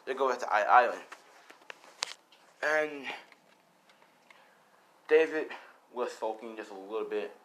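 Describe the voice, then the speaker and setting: A man narrates an improvised fan story in a loose, rambling way, piling on fillers and the occasional swear. His pitch sits in the middle range. A faint hiss runs under the recording. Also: slow, pauses often, a bit bright. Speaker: storyteller, channel host.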